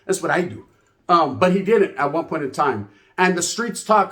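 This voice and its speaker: High-voiced man ranting. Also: fairly quick. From California. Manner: profane street slang mixed with Spanish, animated storytelling. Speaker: channel host. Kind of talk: ranting storytelling commentary.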